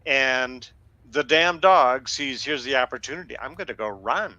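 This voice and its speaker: A man with a bright, edgy voice recorded dry and close, with no room sound. He spins an everyday anecdote bluntly, dropping curses as he goes. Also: mid-range voice, animated, normal speed, dry recording, dull audio. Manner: blunt and profane, telling anecdotes. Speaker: podcast co-host. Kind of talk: casual storytelling.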